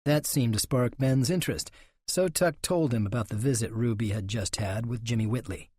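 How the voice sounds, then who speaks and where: A man narrating a western audiobook in a steady, unhurried way. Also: medium pitch, breathy edge, dry recording, clean studio sound.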